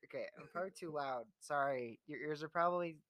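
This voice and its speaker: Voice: medium pitch, fast talker, noisy background. A person in casual chat with a friend, playful and giggly, trying out voice impressions.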